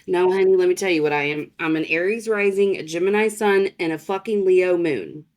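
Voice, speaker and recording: A woman's voice: fairly low pitch, moderate pace, darkish tone. A woman guest on a podcast, talking candidly and expressively, swearing freely in casual conversation.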